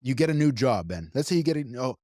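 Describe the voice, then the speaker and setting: A man's voice: medium pitch, sing-song, fast talker, darkish tone, dry recording, clean studio sound. A man co-hosting a podcast, talking emphatically, repeating his points and swearing freely. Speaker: podcast co-host. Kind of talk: casual podcast talk.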